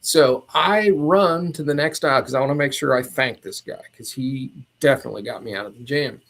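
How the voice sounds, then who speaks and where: A man of ordinary pitch talks as a podcast guest. He tells his story in a loose, casual way. He drifts and circles back but stays animated throughout. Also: a little fast, gravelly. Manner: meandering, animated retelling.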